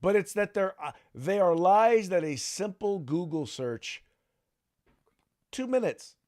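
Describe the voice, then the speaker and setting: Man, podcast host, casual chatty delivery, somewhat high pitch. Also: expressive, takes it slowly, darkish tone. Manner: conversational, reads ad copy. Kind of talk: casual political chat.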